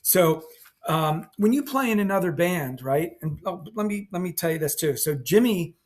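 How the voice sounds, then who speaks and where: An older man sits and talks casually about his band's past, voice a touch higher than most men's. He rambles from one anecdote to the next and acts out the sounds as he goes. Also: lively intonation, moderate pace. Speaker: band guitarist. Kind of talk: casual storytelling to camera. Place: seated in a chair indoors.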